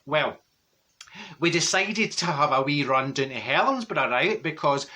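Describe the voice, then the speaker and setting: A gossipy, straight-talking Glasgow woman, put on by a man, rattling through comic stories full of exclamations and asides. Her Glaswegian voice sits fairly high and rings bright and forceful. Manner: chatty, rambling, exclamatory gossip. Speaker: comedy character monologue. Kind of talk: comic character storytelling.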